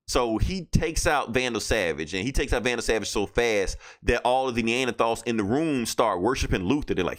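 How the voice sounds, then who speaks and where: A man's voice: medium pitch, animated, normal speed, hardly any pauses, fairly bright tone. A man hosting a podcast, recapping comic books in a loose, profane, casual way. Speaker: podcast host.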